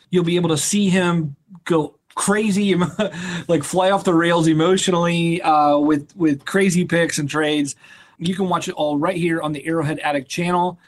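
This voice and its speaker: Joking, rambling male podcast host. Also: fairly high pitch. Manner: rambling, jokey, breaks into laughter. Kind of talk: casual sports podcast chat.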